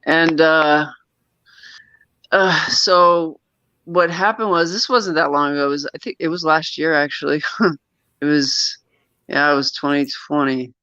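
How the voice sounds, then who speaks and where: Bright, tense-voiced man telling a rambling story. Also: a little high, steady tone, a little slow, long pauses, smooth, no echo. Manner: rambling, with frequent restarts and nervous laughs. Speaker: guest telling a personal story. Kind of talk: casual conversational storytelling. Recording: dull, lo-fi sound.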